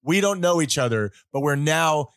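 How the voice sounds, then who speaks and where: Male podcast host, animated joking storyteller, lightly raised pitch, dry recording. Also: moderate pace, clear, resonant tone, no room sound. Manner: animated rambling storyteller, quips. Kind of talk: casual podcast chat.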